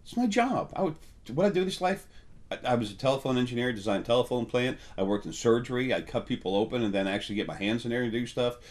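A middle-aged man giving an unscripted spiritual monologue, rambling and halting with many fillers and restarts, his voice catching with emotion now and then. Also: mid-range voice, lively intonation, darkish tone. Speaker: spiritual talk host.

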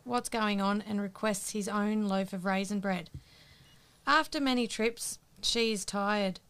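Clear-voiced woman reading jokes. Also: medium pitch, a bit bright. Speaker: co-host telling jokes.

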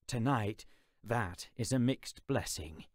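A man's voice: medium pitch, animated, takes it slowly, no room sound, clean studio sound. A man reading an audiobook, voicing a scholarly, fussy male troll who speaks in formal, elaborate phrases. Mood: wry.

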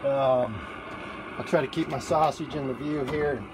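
A man's voice: medium pitch, steady tone, unhurried, background noise. Chatty man livestreaming from a grill. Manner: chatty, rambling, many fillers and restarts. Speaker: livestreamer taking a food challenge. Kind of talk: casual live-stream chat. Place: outdoors at a barbecue grill in the evening. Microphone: phone held in one hand.

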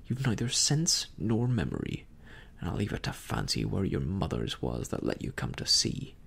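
A storyteller voicing a cunning, scornful old male pirate captain in a slow, contemptuous whispered role-play. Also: low voice, big pitch swings, creaky, a bit bright, slightly rough, pitched below the performer's own voice, exaggerated voice.

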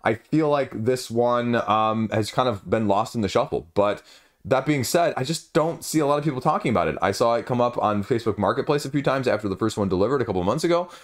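A man's voice: medium pitch, lively intonation, fast talker. A young man casually reviewing board game crowdfunding campaigns, rambling with wry asides. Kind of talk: casual video commentary.

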